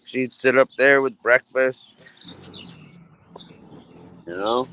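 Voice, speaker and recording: A man's voice: medium pitch, extremely slow, slight background noise. A man with a mid-range voice tells a story in casual chat. He swears freely, laughs often and acts out the other people in his story. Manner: profane, laughing, animated storyteller.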